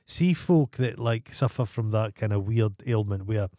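A Scottish man with a lowish voice trading crude, sardonic remarks on a podcast. He swears freely, and the recording is dry and close. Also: expressive, moderate pace, warm tone, dry recording. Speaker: podcast co-host. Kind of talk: casual chat.

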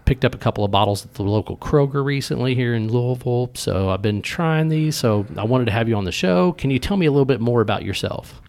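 A man's voice: mid-range voice, animated, fast talker, hardly any pauses, darkish tone. A man hosting an interview show, talking in a folksy way and often stammering and repeating words. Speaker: host. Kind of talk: casual interview chat.

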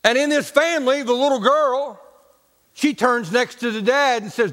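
A man's voice: very high voice, normal speed, a bit bright. A male pastor preaching a sermon in a folksy, humorous storytelling way, with casual grammar. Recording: church hall reverb.

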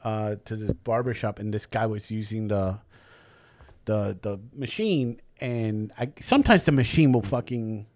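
A man hosting a podcast, telling stories in an animated way and swearing a lot. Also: lowish voice, unhurried. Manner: profane, animated storytelling. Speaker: podcast host. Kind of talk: casual podcast chat.

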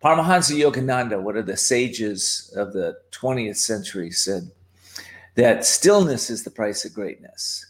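A man's voice: lowish voice, lively intonation, normal speed. Reflective man telling his story. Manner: reflective, with fillers and restarts. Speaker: podcast guest. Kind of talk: personal storytelling.

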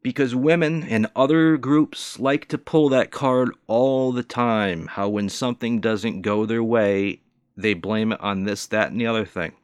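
A man's voice: medium pitch, unhurried, smooth, no echo, studio quality. Indignant profane man ranting. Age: 40s. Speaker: bartender. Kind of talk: ranting monologue.

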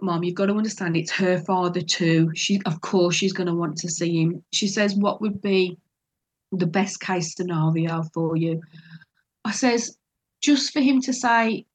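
Husky middle-aged woman telling her story, animated, acts out the voices of others. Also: mid-range voice. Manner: animated, acts out quoted voices, laughs often. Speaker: interview guest telling her adoption story. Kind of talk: emotional personal storytelling.

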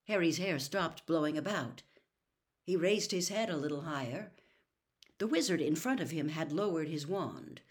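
Woman reading a story out loud, really animated delivery. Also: low-pitched, moderate pace. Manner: expressive, lively reading. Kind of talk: reading a novel aloud.

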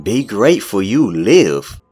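A man's voice: fairly low pitch, big pitch swings, takes it slowly, a little mellow, breathy edge, pitched above the performer's own voice, full character voice. A man voicing a sly, menacing male monster caretaker with a mock-genteel manner, over background music. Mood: sly menace. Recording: music playing underneath.

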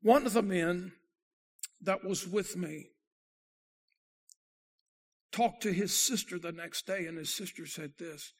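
A man preaching a sermon as pastor, telling a story dramatically and swinging from loud to hushed. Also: sits high, slow, long pauses.

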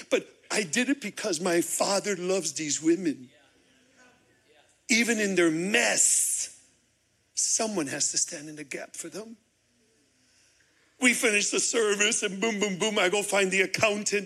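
A male preacher with a high, bright voice delivers a sermon with animated storytelling. He acts out the voices in his story and climbs into fervent, emphatic preaching. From Chicago. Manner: animated, acts out dialogue, builds to shouted preaching. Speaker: guest pastor.

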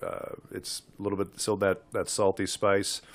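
Man, very deep voice, casual chat, halting, lots of restarts. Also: monotone. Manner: halting, with many restarts and fillers. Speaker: cigar reviewer.

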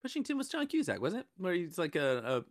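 A man's voice: sits high, huge pitch swings, brisk, no echo, studio quality. A man co-hosting a casual podcast, joking and rambling, often stumbling over his words. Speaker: podcast co-host.

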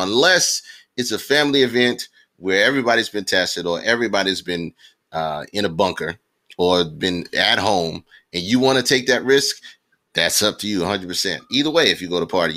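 A man co-hosting a casual podcast, talking in an emphatic, animated way and repeating phrases for effect. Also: deep voice. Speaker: podcast co-host.

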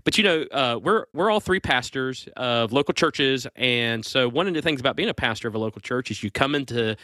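A man's voice: medium pitch, brisk, dry recording, studio quality. A man, a pastor co-hosting a podcast, chatting casually and joking with frequent laughter. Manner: jokey, laughs often, animated. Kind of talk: casual chat.

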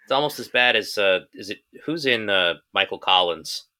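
A man co-hosting a casual movie podcast, talking in an animated way and breaking into loud mock outbursts. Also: fairly low pitch, normal speed. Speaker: podcast co-host.

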